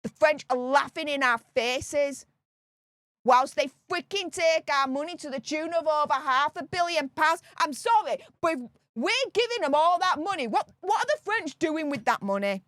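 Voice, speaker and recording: A woman with a Northern English accent delivers heated political commentary in a high voice. She rants with indignation and hammers home each point by repeating it. Her voice sounds close and dry, with no room echo. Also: expressive, moderate pace, fairly bright tone. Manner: indignant, ranting, repeats herself for emphasis.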